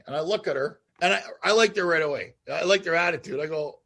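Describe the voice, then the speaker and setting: Animated husky-voiced man, fairly high pitch. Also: fast. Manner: animated, blunt and swearing, with many restarts. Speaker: talk show host. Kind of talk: casual chat.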